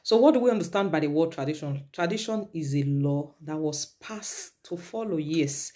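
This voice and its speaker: A woman's voice: low-pitched, animated, moderate pace, dark tone. A woman from Nigeria with a Nigerian accent, lecturing her viewers in a repetitive, preachy vlog and slipping into Pidgin. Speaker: vlogger.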